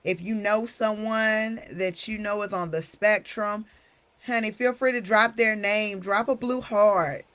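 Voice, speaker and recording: A woman's voice: mid-range voice, steady tone, measured pace, fairly bright tone. A woman hosting a live stream talk, chatty and familiar, calling her viewers honey. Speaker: host.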